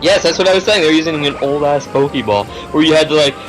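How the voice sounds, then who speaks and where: A man's voice: a little high, rough recording. Slangy young-sounding man over game music. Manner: animated, slangy, quick to joke and laugh. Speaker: streamer. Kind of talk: casual gaming stream chat. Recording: game music playing behind.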